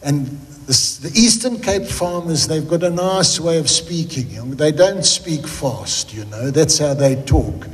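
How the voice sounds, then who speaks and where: Joking South African preacher, echoing hall. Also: male voice, a little high, animated, measured pace. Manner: humorous, conversational, goes off on tangents. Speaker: pastor. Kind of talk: sermon.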